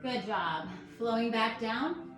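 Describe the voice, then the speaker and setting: A woman guiding a yoga class at home, calm and encouraging as she talks listeners through each pose. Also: a little high, slow. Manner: calm, encouraging, gently instructive. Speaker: yoga instructor. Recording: echoey room with faint music.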